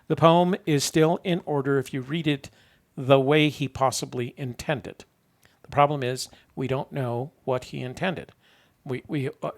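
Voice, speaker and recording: A man's voice: a little high, gravelly. An older man, chatting casually as a show host and rambling through stories while chuckling at himself. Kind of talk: casual chat.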